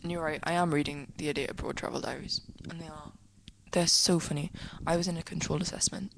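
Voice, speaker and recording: Sitting on her desk at home, a teenage English girl chats casually to the camera for a vlog, answering a friend's questions while rambling, giggling, and dropping into soft, whispery asides. Her slightly low voice has a gravelly, creaky edge, fairly even intonation, and a quick pace. The audio is poor, with a faint hiss underneath.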